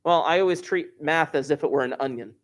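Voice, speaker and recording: A man's voice: on the high side, fairly quick. A man teaching an online algebra class, explaining steps while joking and chatting with his students. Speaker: math teacher. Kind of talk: live online class lesson.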